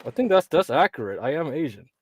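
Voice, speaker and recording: A man's voice: a little high, very animated, fast talker, a crowd in the background. A young man co-hosting a live stream, talking in a laid-back, joking way. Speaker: stream co-host. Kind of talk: casual stream chat.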